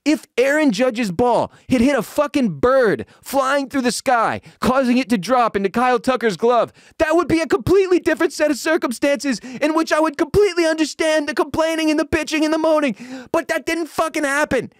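A man's voice: a little fast, hardly any pauses, dry recording, studio quality. Heated, profane man ranting about sports. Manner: profane, heated rant with sudden shouted peaks; drops to low, weary tone when calming down. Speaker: podcast host. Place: home room with dogs.

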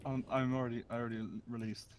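A man's voice: mid-range voice, flat delivery, quick pace, slight background noise. A man in casual gaming chat, cracking goofy jokes and playing up his struggles with the game. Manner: goofy, loud wisecracks.

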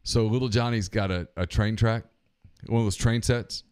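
A man co-hosting a sports call-in show, settling into a long, deliberate story. His voice sits low, and he takes his time with every step of the telling. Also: steady tone, a little mellow, smooth, dry recording, studio quality. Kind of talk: casual chat.

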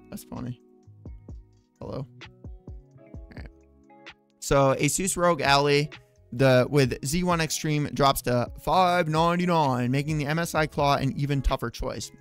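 A man's voice: a little high, a little slow, long pauses. Chatty young man with tech news, music under. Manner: chatty, slangy, restarts and laughs, says bro and dude. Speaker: tech channel host. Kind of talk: casual tech news vlog.

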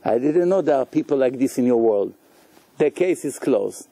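A man voicing a humbled rich man who contritely apologizes in a lowered voice. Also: expressive, normal speed, vocal fry, warm tone, dry recording.

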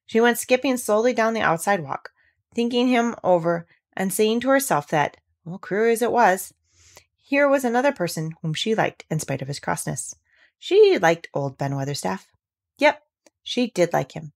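Woman reading a classic storybook aloud, animated voice, lots of ups and downs. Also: on the low side, moderate pace. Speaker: audiobook reader.

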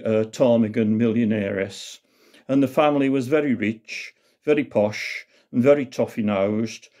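A man's voice: medium pitch, warm tone. A man with a Black Country accent telling a comic tale in a folksy, dialect-rich way. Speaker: storyteller. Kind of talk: comic storytelling.

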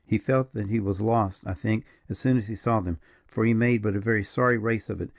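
A man voicing a grave frontier partisan major who speaks slowly and mournfully, in a dull, dry recording. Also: lowish voice, vocal fry, dry recording. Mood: grim. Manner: slow, mournful, measured.

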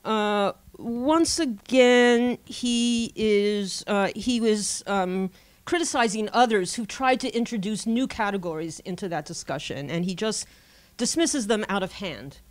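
A woman delivers an academic talk from a podium, at a middle pitch that sits neither high nor low. Her pacing is measured and scholarly, broken by small fillers and self-corrections as she works through dense material. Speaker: academic lecturer. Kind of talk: conference lecture.

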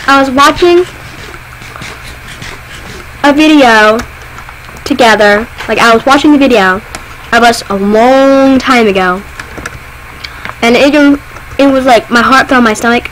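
A woman's voice: a little high, measured pace, long pauses, a bit bright, a little hiss or hum, rough recording. A woman hosting a casual gaming video, bubbly and rambling, saying y'all a lot. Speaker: channel host.

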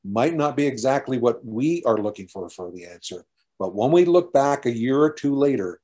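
Earnest, mellow-voiced middle-aged pastor. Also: male voice, medium pitch, lively intonation, normal speed. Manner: earnest storytelling with restarts. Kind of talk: testimony sermon.

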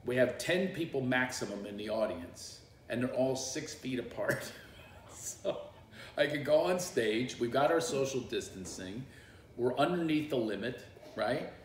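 A middle-aged comedian tells loose, rambling stories on a livestream and often laughs along the way. His voice sits at an ordinary pitch for a man. It bounces around a small office, with a faint hum of room sound underneath. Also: normal speed, reverberant. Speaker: comedian and coach hosting a livestream. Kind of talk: casual storytelling on a livestream.

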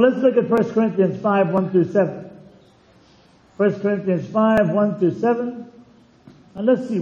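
A pastor preaches with a high, warm and mellow male voice, pressing each point and repeating key words. The sound is roomy and a little dull, as if taped in a church. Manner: emphatic preaching, repeats phrases for weight. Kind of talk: sermon.

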